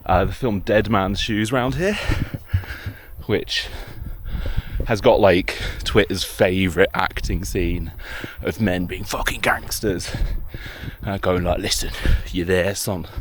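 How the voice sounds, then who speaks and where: Low-voiced man vlogging outdoors. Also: takes it slowly, slight background noise. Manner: rambling, self-mocking, sweary. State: out of breath. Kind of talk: casual hiking vlog. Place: outdoors on a hill walk. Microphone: handheld camera.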